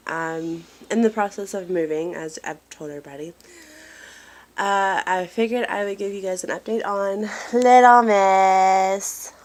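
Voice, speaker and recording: A woman chatting casually in a home vlog, apologetic and rambling with lots of fillers, filming on a handheld phone in a dim room. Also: medium pitch. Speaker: mother giving a family update.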